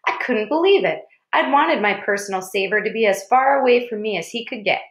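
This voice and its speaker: A woman narrating a children's novel in a measured storytelling voice. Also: fairly high pitch, animated. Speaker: audiobook reader. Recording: roomy echo.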